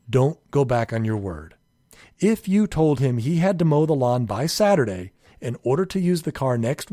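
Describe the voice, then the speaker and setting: A man giving calm, earnest scripted narration for a parenting course, sometimes acting out a child's pleading questions. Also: no room sound, studio quality. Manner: calm, earnest, acts out children's pleas in a higher voice.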